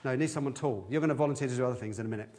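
A man giving a lively, interactive children's talk in a church service, quizzing the children as he goes. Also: medium pitch. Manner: lively, questioning the children, quick asides.

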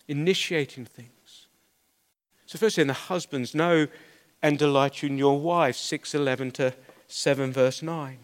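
A man's voice: fairly high pitch, fairly bright tone. A middle-aged man preaching an expository sermon in an earnest, conversational way with small stammers.

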